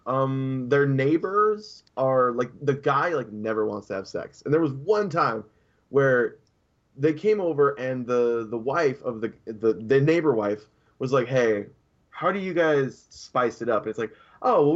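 A man co-hosting a casual podcast chat, rambling through a story and acting out the quotes in raised voices. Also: mid-range voice. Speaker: podcast co-host. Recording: dull lo-fi sound.

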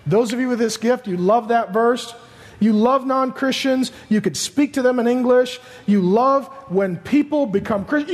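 A man's voice: very high voice, moderate pace, long reverb tail. A man in his thirties preaching a sermon, telling stories with humor and acting out people's voices. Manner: animated storytelling, acts out voices, joking. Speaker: pastor.

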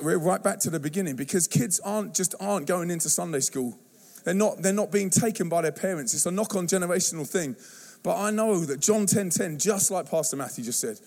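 Animated preacher, high voice. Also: male voice. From England. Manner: animated storytelling, acts out youth slang and voices. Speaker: youth preacher. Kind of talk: sermon. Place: church hall.

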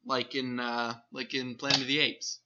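A man's voice: medium pitch, little pitch movement, normal speed, highs cut off, noisy background. A man co-hosting a podcast, rambling through joking predictions and searching for words as he goes. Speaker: podcast co-host. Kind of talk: casual joking chat.

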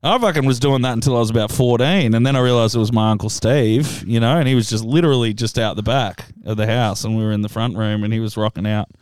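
A young man chats on a podcast in a relaxed, easygoing way, cursing casually and breaking into laughter as he tells stories. His voice is smooth and resonant, recorded close and dry. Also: medium pitch, fast talker, few pauses, no echo. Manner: laid-back, swears freely, laughs while telling stories. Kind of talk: casual chat.

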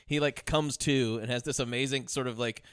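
A man's voice: medium pitch, steady tone, normal speed, a bit bright, smooth, no echo, studio quality. A man co-hosting a podcast, animatedly retelling film scenes in casual chat. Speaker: podcast co-host.

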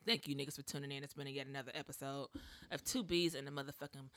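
A woman's voice: extremely low pitch, steady tone, fast talker, fairly bright tone. A woman in her thirties co-hosting a podcast in casual chat, blunt and profane, joking often, close to the microphone. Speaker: podcast co-host. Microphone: close studio microphone.

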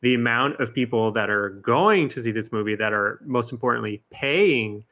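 A man's voice: medium pitch, moderate pace, a bit bright. A man in casual conversation, joining in and retelling a story with acted quotes. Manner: conversational, acts out quotes with swearing. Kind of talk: casual podcast chat about films.

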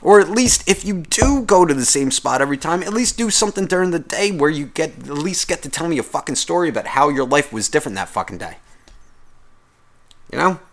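A man's voice: a little high, animated, fairly quick. A man in his thirties hosting a show, telling a story in an exasperated rant, swearing constantly. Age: 30s. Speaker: podcast host. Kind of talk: profane ranting storytelling.

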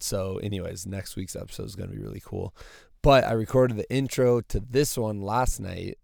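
A male podcast host with a gravelly early-morning voice, chatting casually in a rambling, enthusiastic way from inside a parked car. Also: on the low side, darkish tone, no echo, clean studio sound. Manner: rambling, enthusiastic, many fillers. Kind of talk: casual solo podcast outro.

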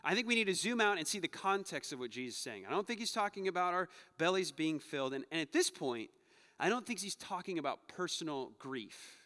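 Bright-voiced male pastor in reverberant hall. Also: on the high side, lively intonation, brisk. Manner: conversational preaching, shifts between playful asides and hushed earnest passages. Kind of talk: sermon. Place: church sanctuary. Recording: long reverb of a church hall.

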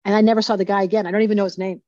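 A woman's voice: mid-range voice, rapid-fire, dry recording. Muffled woman in her sixties, telling a story. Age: 60s. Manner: animated storyteller who acts out quoted speech. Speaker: astrologer guest. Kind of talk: casual interview storytelling.

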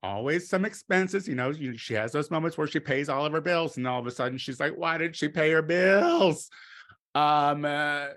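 A middle-aged man delivering a crude comedic monologue, campy and animated, swinging between loud exclamations and low muttered asides. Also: fairly quick, hardly any pauses.

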